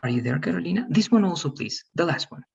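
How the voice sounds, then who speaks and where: A man teaching English pronunciation in an online class, patiently explaining and modeling words slowly. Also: on the high side, expressive, gravelly, highs cut off, a little hiss or hum.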